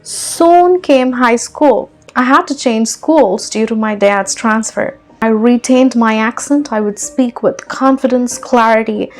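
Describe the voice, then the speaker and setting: A woman's voice: fairly high pitch, measured pace, hardly any pauses, a little mellow. A young woman from India with a blend of British and American accent, earnestly narrating a personal story as an English accent tutor.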